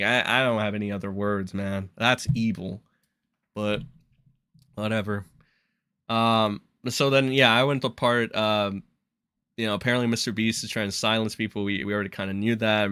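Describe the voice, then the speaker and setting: A man's voice: fairly low pitch, pushed and bright, clean tone, no echo, clean studio sound. A young man hosting a live stream, talking in a rambling, exasperated and profane way. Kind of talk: casual live-stream commentary.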